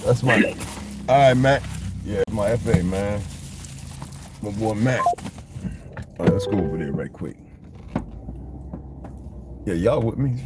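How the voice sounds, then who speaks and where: A man's voice: mid-range voice, lively intonation, unhurried, pauses often. A man vlogging from his car, talking in a blunt, profane, rambling way in a casual monologue. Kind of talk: casual monologue while driving. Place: inside a car. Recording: noisy car interior.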